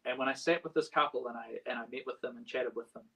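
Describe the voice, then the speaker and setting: A man preaching a sermon in a casual, halting way, restarting often and swinging between quiet and loud. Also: mid-range voice, fairly even intonation, poor audio. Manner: halting, with many restarts and a wide swing in loudness. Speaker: pastor.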